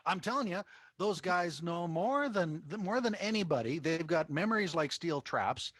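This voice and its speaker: A playful man riffing as a panelist in a casual chat. His voice sits a bit high and jumps all over the place as he gets excited, recorded close and dry. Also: moderate pace, no echo.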